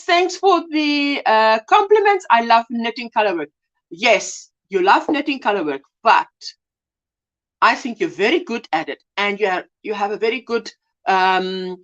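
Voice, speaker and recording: A South African woman hosting a casual crochet livestream, chatty and gushing as she greets viewers. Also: dull audio. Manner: chatty, gushing, lively swings in pitch. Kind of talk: casual live chat.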